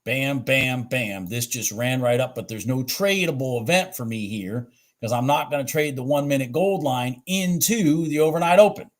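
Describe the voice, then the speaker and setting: A man hosting a trading channel, reviewing his live trades on charts in a lively, swearing, self-talking way. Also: medium pitch, moderate pace. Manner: animated, swears and talks to himself about the charts.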